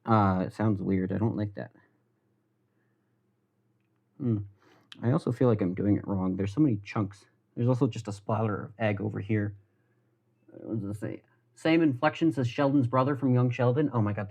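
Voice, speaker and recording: A man's voice: fairly low pitch, normal speed, gravelly, pauses often, a little mellow, breathy edge. Rambling young American man streaming. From United States. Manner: rambling, self-deprecating, swears casually. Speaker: livestreamer. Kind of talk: casual live-stream chat while cooking. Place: home kitchen. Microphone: headphones with mic.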